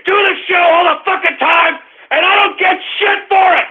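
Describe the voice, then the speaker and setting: A man hosting an internet radio show, ranting and shouting angrily with heavy cursing. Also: very high voice, normal speed, few pauses. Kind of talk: angry political rant. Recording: tinny phone-like line.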